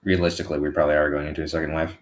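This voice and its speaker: Deep-voiced man, dry sarcastic. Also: rapid-fire, slight background noise, low-quality recording. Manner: relaxed, dry sarcastic humor. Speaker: podcast co-host. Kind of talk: casual chat. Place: living room couch.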